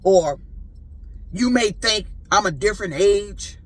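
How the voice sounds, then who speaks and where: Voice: medium pitch, slow. Indignant driver in their fifties. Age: 50s. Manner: animated, profane, indignant. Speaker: rideshare driver. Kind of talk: ranting storytime vlog.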